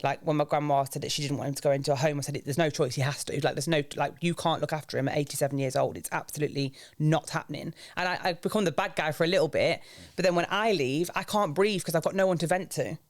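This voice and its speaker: Young english guy, slightly high voice, opening up on a podcast, honest and reflective. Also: fast. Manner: open, reflective, speaks of grief in a low earnest tone. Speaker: podcast guest. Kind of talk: candid personal podcast talk.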